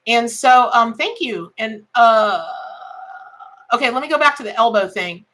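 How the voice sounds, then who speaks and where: A woman's voice: on the high side, a little slow, a bit bright, a little hiss or hum. A woman giving a live tarot reading, chatting folksily with viewers and greeting them by name. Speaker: tarot reader.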